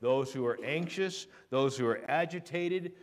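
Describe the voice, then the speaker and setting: A man preaching a sermon in a church. He swings from hushed to loud and leans on rhetorical questions and repetition. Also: mid-range voice, unhurried. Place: church sanctuary.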